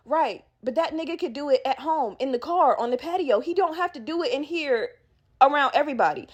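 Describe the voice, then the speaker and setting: A woman hosting her own podcast, telling a story in a profane, animated way and laughing as she talks. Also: high voice, fairly quick. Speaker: podcast host.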